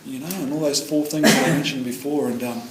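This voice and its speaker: A middle-aged AA meeting speaker from New Zealand gives a rambling, earnest personal share, leaning on "you know" all the way through. His medium-pitched voice is fairly even and a little fast. Crowd noise and faint ambience come through in the roomy meeting hall.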